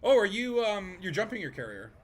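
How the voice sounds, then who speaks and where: A man's voice: high voice, sing-song, fairly quick. A man streaming a space game from his home desk, chatting casually with friends, rambling and joking with lots of fillers. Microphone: desk microphone.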